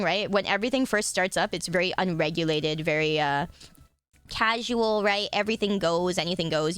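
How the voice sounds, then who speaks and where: A young woman streamer chatting casually at her desk, swearing freely and breaking into loud joking rants. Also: medium pitch, no echo. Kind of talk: casual live-stream chat.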